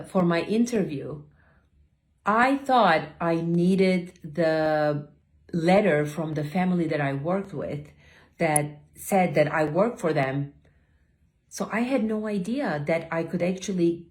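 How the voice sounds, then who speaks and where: Animated woman with telling her story. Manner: animated, acts out quoted voices with big pitch jumps. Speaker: academy founder telling her life story. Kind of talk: casual personal storytelling.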